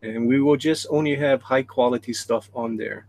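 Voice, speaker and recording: A man's voice: medium pitch, fairly even intonation, moderate pace, a little mellow, poor audio. A man hosting a casual live drawing stream, chatting and reading viewer messages aloud.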